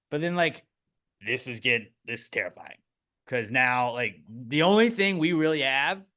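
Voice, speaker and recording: A man co-hosting a podcast in casual chat, animated and swearing freely. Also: mid-range voice. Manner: animated, swears often, voices people mid-story. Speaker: podcast co-host.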